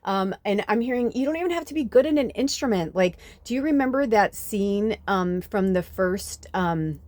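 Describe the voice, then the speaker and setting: A woman's voice: mid-range voice, animated, moderate pace, a little mellow, dry recording. A woman hosting a spiritual reading channel, telling a story in a loose, chatty way with lots of fillers and casual swearing. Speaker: spiritual reader, channel host.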